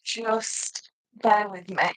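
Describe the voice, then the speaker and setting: A middle-aged woman, chatting loudly and laughing often as she presents paper crafts on a live stream. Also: mid-range voice, fairly even intonation, very slow, no echo, rough recording. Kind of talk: casual live stream chat.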